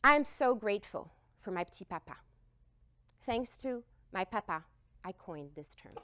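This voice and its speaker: A woman giving an expressive, emphatic talk, telling a heartfelt personal story to an audience. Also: medium pitch, moderate pace, no room sound. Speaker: speaker.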